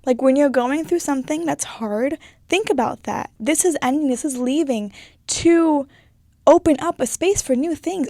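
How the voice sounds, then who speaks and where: A woman's voice: high-pitched, a little mellow, dry recording. Emphatic young woman giving a pep talk. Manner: emphatic, swears freely, pep-talk delivery. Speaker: podcast host. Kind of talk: solo motivational podcast talk.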